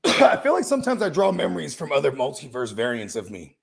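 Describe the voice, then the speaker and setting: A man's voice: a little high, huge pitch swings, brisk, vocal fry. A man co-hosting a podcast, joking loosely and swearing while chatting over a game. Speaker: podcast co-host. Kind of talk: casual game-watching chat.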